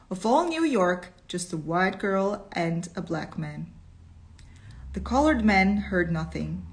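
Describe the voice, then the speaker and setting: Woman reading slowly and deliberately. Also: mid-range voice. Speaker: literature teacher. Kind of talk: reading a short story aloud with commentary.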